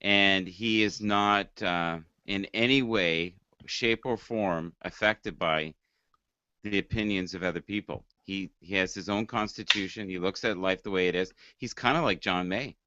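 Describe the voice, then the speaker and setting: A man in casual group chat on an online hangout, earnest and spiritual-minded, speaking in slow emphatic phrases. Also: low voice, bright, forceful tone, no room sound. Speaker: hangout participant. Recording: dull lo-fi online call audio.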